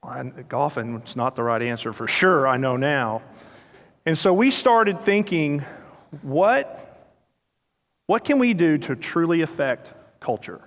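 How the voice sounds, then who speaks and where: A man's voice: fairly high pitch, expressive, a little slow, a bit bright. A man with a slightly raised voice gives a motivational talk, telling a story and acting out the other people in it. He turns to the audience with direct questions. His voice rings out with the long reverb of a large hall. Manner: storytelling, acting out quoted dialogue. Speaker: speaker.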